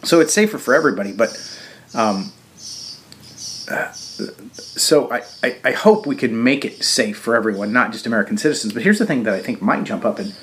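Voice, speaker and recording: A man hosting a show, giving a casual political commentary monologue in a halting way with frequent restarts and fillers. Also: medium pitch, expressive, fairly bright tone. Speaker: show host.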